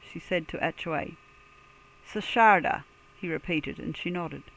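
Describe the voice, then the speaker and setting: A narrator reading a fantasy audiobook in a measured, careful way, lifting into a lilting, sing-song pitch for invented words. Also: a bit bright, rough recording.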